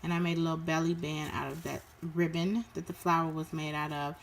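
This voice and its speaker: Low-voiced woman, casual show-and-tell of crafts, unhurried with lots of ums, faint hiss behind. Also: steady tone, gravelly. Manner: unhurried, with frequent ums and uhs. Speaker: crafter showing her work.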